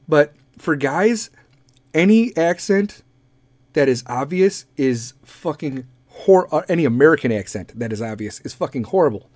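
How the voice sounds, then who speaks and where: A man's voice: fairly high pitch, lively intonation, normal speed, a little mellow, no room sound. A man hosting a podcast, delivering a crude, rambling comedic monologue and laughing often. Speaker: podcast host.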